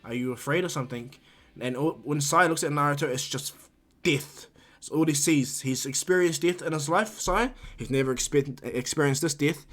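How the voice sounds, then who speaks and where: A man's voice: fairly high pitch, moderate pace, fairly bright tone. A man casually narrating a fan what-if story, rambling with frequent restarts.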